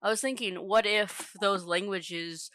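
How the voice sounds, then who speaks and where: A woman with a bright, crisp voice rambles through her thoughts in a casual book chat, searching for words as she goes. Her voice is recorded close and dry. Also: mid-range voice, fairly even intonation, unhurried, no room sound. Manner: rambling, thinking aloud, casual slang. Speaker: book podcast co-host.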